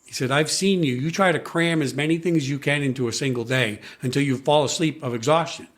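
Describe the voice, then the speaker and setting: A man's voice: a little high, quick pace. A man, a podcast guest, telling a long personal story in conversation, acting out other people's lines with frequent restarts. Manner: animated storyteller, acts out quoted voices, frequent restarts.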